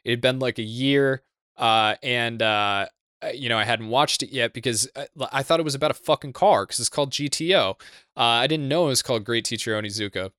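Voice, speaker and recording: A young man hosting a podcast in casual chat, rambling and swearing with lots of fillers and restarts, close to the mic in a quiet room. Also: mid-range voice, fairly quick, no echo. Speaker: podcast host.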